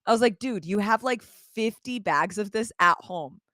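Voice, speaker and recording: A woman co-hosting a podcast, chatting casually with quick exclamations and laughter. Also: medium pitch, a bit bright, no room sound, studio quality. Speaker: podcast co-host. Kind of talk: casual chat.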